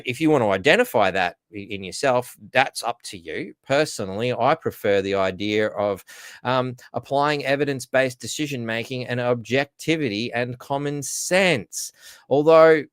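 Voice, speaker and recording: A man's voice: mid-range voice, fairly bright tone, clean tone, no room sound. An Australian man hosting a solo news commentary, talking sarcastically with many asides and fillers. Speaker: host.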